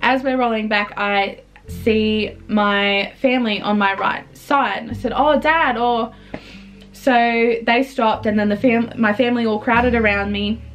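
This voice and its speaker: Young aussie woman, kinda high voice, earnest halting story vlog, soft guitar behind. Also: fairly even intonation. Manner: earnest, halting retelling with restarts.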